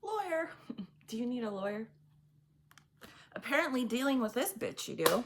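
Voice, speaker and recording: A woman's voice: on the high side, moderate pace, slight background noise. A woman doing a casual tarot reading, chatty and blunt, often laughing as she talks. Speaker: tarot reader.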